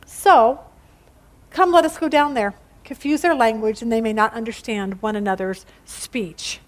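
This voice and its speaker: A middle-aged woman teaches a casual Bible study with a high voice. She is chatty and playful and tells her stories with humor. She acts out the quoted lines in funny voices. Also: unhurried.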